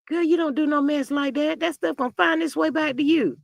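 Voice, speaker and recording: A livestream host chatting casually and sassily about celebrity gossip, reading out viewer comments and peppering the talk with "child" and drawn-out "mm, mm". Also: sits high, creaky, no room sound, studio quality. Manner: chatty, sassy, reads viewer comments aloud.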